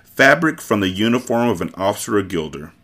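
A man's voice: lowish voice, sing-song, fairly quick, a bit bright. A man voicing a conceited, scheming Sicilian kidnapper in a storybook reading, talking in a smug, bossy way.

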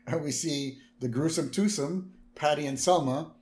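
A man's voice: on the high side, normal speed, a little mellow. A man co-hosting a podcast, recapping a cartoon episode with jokey asides. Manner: chatty, jokey asides, frequent "mm-hmm" backchannel. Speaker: podcast co-host. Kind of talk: casual episode recap chat.

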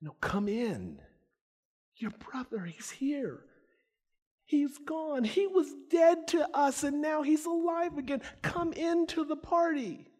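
Preacher doing a high, imploring older father, echo around him. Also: a little slow, few pauses, a little mellow, breathy edge. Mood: coaxing. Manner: coaxing then crying out, voice climbing high. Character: pleading loving father, older man. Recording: echoey hall.

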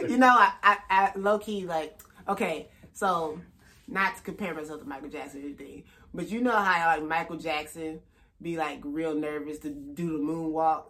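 A man in his thirties, a stand-up comedian chatting on a podcast, laid-back and halting, laughing often. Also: on the high side, sharp tone. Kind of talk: casual podcast chat.

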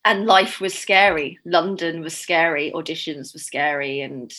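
A woman's voice: low voice, fairly even intonation, measured pace, bright, forceful tone. A young woman talking as an actress guest in a casual interview, chatty and emotional, over a video call. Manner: chatty, emotional, laughs through tears.

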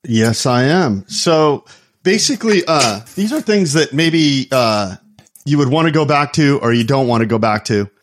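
A man's voice: mid-range voice, expressive, normal speed, slight background noise. A man co-hosting a podcast, chatting casually and laying out a topic. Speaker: podcast co-host. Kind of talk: casual chat.

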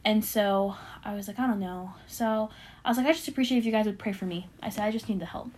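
A young woman casually telling a personal faith testimony on a podcast, animated and full of fillers, acting out what others said. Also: mid-range voice, fast, slight background noise. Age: young adult. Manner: animated storyteller with many fillers, acting out quoted voices. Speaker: podcast co-host sharing a testimony.

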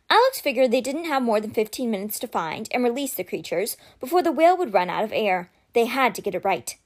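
Woman, reading a book aloud, expressive narration, high pitch, lively intonation. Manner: expressive, dramatic storytelling. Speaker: reader of a children's novel.

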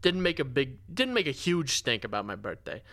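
A man's voice: medium pitch, very animated, a little fast, pushed and bright, no echo. A man in his twenties, a podcast co-host, rambling through a drunken casual chat. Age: 20s. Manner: rambling, slurring storyteller.

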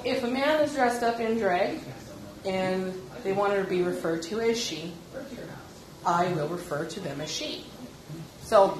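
A woman hosting a podcast, talking casually at home in a blunt, profane, chatty way. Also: mid-range voice. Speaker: podcast host. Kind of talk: casual rambling monologue. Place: home kitchen. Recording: echoey room, far from the mic, noisy.

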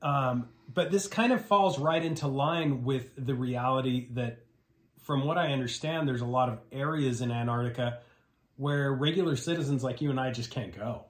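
Halting male podcast host. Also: medium pitch, reverberant. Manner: halting, searches for words with restarts. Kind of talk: casual interview chat.

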